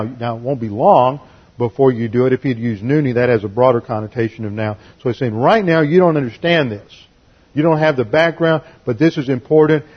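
Husky man teaching Bible verse by verse. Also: medium pitch, highs cut off. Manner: emphatic, spells out Greek words. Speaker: pastor.

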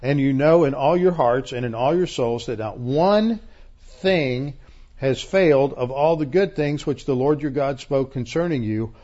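A man's voice: mid-range voice, unhurried, mellow, dull audio. A man from Texas, a pastor teaching the Bible word by word, emphatic and repeating key words, with frequent restarts.

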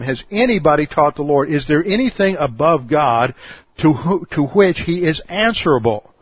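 A man preaching an expository sermon, teaching in a measured, emphatic way and posing rhetorical questions. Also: on the high side, expressive, husky, dry recording, dull audio. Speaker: pastor.

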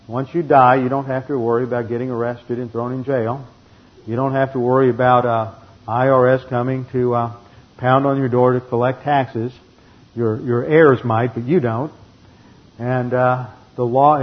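Husky-voiced man teaching Bible verses. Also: medium pitch. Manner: methodical, explanatory, with fillers and restarts. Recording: dull lo-fi recording.

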